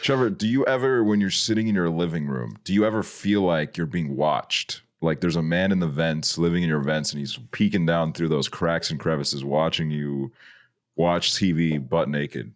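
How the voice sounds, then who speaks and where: A man with a very deep, low voice co-hosting a casual podcast. He teases the others in a mock-spooky, deadpan way, building up his jokes slowly.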